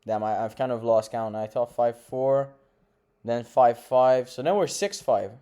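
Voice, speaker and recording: Young male host, clear smooth voice, rambling casual recap with blunt takes. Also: medium pitch, measured pace, warm tone. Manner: rambling, self-correcting, blunt opinions. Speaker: MMA podcast host. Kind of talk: casual fight recap monologue.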